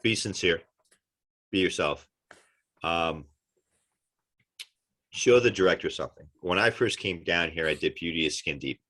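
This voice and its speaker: Man, deep voice, forceful delivery, animated storyteller, podcast guest chat. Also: a little slow, pauses often. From United States. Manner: animated storyteller, acts out quotes. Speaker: actor guest. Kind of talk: casual interview chat.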